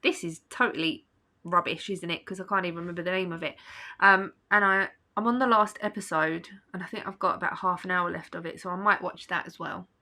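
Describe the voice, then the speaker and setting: A woman's voice: lowish voice, steady tone, brisk, sharp tone. A woman vlogging at home in a casual, rambling chat, sleepy and yawning. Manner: chatty, rambling, with fillers and small laughs.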